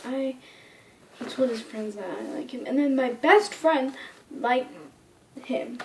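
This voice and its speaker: A woman's voice: a little high, noisy background. A young woman casually telling a rambling storytime, often dropping into whispers and squealing when she quotes herself. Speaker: vlogger.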